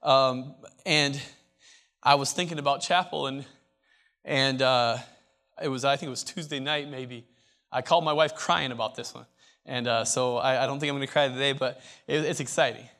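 A man's voice: mid-range voice, steady tone, moderate pace, sharp tone. A man preaching a chapel sermon to Bible college students, emphatic and repetitive, often restarting his phrases.

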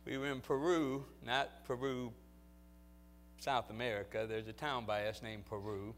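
A male pastor telling stories in a sermon, moving from low, quiet storytelling to loud, fervent exhortation. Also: fairly even intonation, a little slow.

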